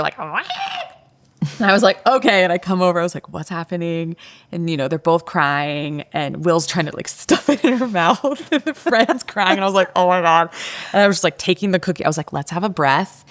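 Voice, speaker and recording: A woman guest in a podcast interview, telling a parenting story in a candid, animated way and acting out the voices she quotes, with many filler words. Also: on the low side, fairly quick.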